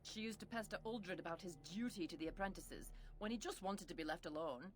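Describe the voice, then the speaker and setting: Gruff Scottish woman botanist for a fantasy game, voiced by an actress, dry and impatient, a touch low. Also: animated, a little fast, faint music behind, close to an everyday voice. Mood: sardonic. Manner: sardonic, grumbling. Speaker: game character.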